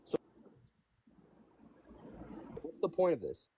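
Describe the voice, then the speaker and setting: A man's voice: slow pace, dark tone, slight background noise. Argumentative young man calling in. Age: young adult. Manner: argumentative, keeps asking to speak. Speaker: caller.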